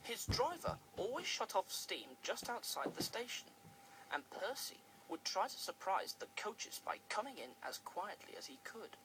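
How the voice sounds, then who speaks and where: A storyteller reading a children's storybook aloud with expressive delivery. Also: medium pitch, normal speed, slight background noise, poor audio. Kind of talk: storybook narration.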